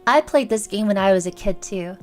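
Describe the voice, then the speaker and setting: A woman's voice: mid-range voice, a little fast. A young woman streaming as a VTuber, chatting casually with her viewers in a playful, rambling way. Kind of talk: casual livestream chat with viewers. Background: faint background music.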